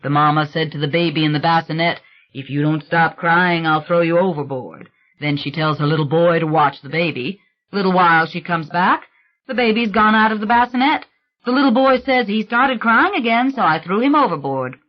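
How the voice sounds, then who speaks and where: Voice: mid-range voice, moderate pace, lo-fi sound, lightly acted. An audiobook reader voicing a husband who tells wry, gossipy funeral stories.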